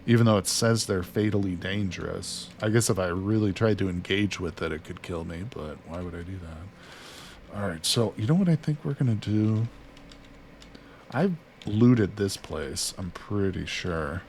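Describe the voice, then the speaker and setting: A man's voice: low voice, measured pace, a little mellow, slight background noise. A man casually commentating as he plays a survival game, chatting to himself and to his character. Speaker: gaming streamer. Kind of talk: casual let's-play commentary.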